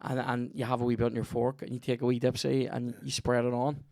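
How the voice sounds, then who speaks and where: A man's voice: medium pitch, flat delivery, fast talker, vocal fry, a little mellow, dry recording. A man with a Northern Irish accent hosting a comedy podcast, rambling through a sweary, jokey ad read.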